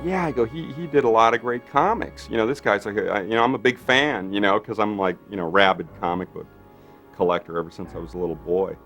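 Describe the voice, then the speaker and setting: A man's voice: on the low side, a bit bright. A man in an interview, telling a long anecdote with many fillers and acting out quotes. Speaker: special effects artist.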